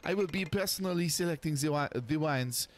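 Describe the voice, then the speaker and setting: A man's voice: on the high side, fairly quick, slight background noise, pitched above the performer's own voice, natural voice. A man voicing a gracious French woman sommelier in a put-on French accent, dropping in French phrases and tripping over words. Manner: slips into bits of French, stumbles over words.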